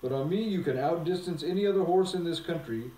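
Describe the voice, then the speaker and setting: A man voicing a proud, bossy male talking war horse in a storybook reading, speaking in a brisk, lecturing and scornful way. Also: fairly high pitch, dark tone, voice pushed up, close to an everyday voice. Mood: persuasive. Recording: roomy sound from a distant mic.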